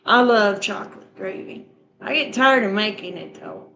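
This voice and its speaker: A woman's voice: mid-range voice, animated, normal speed, fairly bright tone, a little hiss or hum, poor audio. A middle-aged woman chatting casually with her viewers and walking them through a recipe in a homespun, repetitive way. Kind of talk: casual chat, recipe instructions.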